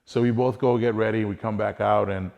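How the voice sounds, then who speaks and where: A man's voice: lowish voice, fairly even intonation, a little fast, gravelly, long reverb tail, muffled recording. A man earnestly telling a personal hunting story in a casual, conversational way, acting out bits of dialogue as he goes.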